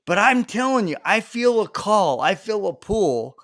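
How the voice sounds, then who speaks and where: Earnest guy hosting a podcast, kinda high voice, dry close mic. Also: sing-song, measured pace, a bit bright, no echo. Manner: earnest, emphatic, repeats key points. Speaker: podcast host. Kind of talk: conversational interview.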